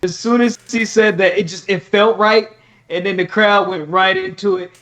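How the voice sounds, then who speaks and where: A man co-hosting a wrestling review podcast, talking in a loose, animated way and laughing as he goes. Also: high voice, normal speed. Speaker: podcast co-host. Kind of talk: casual chat, wrestling review.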